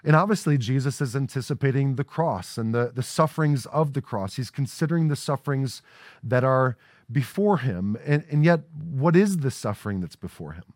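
Here a male pastor preaches casually in a church sanctuary, repeatedly checking in with "right?". He has a mid-range, slightly mellow voice with lively intonation at a normal speed, captured in clean studio sound without echo.

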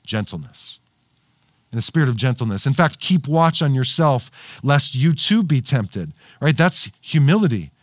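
A man's voice: mid-range voice, animated, normal speed, no room sound. Man, pastor, livestreamed sermon, casual and chatty, dry close sound. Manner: conversational, many fillers and restarts, asks "right?" often. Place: studio with cameras and screens.

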